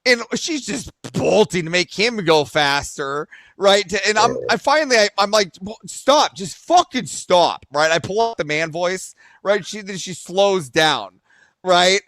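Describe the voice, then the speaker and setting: Brief: man with a very high pitch, rambling and profane, dry close sound. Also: animated, unhurried, dry recording. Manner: rambling, fillers like "right?"; acts out shouted arguments. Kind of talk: profane casual storytelling.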